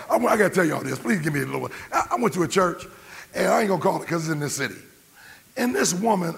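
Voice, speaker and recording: Gravelly, animated preacher man in a hall. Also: fairly high pitch. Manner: animated preaching, shouting at peaks, joking asides. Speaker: pastor. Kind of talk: sermon. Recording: long hall reverb.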